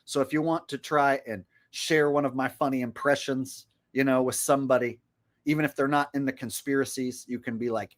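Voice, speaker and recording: A man's voice: medium pitch, steady tone, fairly quick. A man hosting his own livestream, ranting casually and rambling with frequent swearing. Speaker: livestream host.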